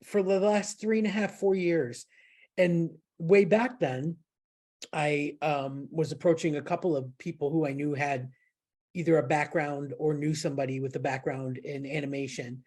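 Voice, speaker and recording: A woman's voice: deep voice, steady tone, moderate pace, a little mellow. A woman hosting a podcast, chatting casually and telling a story with lots of fillers and restarts. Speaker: podcast host. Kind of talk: casual chat.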